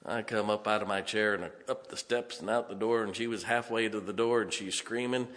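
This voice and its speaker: A man's voice: on the low side, fairly even intonation, fairly quick, fairly bright tone. A middle-aged man pastor preaching a sermon, telling folksy stories and laughing often. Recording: reverberant hall.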